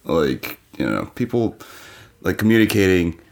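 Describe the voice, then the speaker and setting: A man's voice: low voice, sing-song, measured pace, vocal fry. A man, a podcast guest, musing casually in a rambling way with lots of "like" fillers.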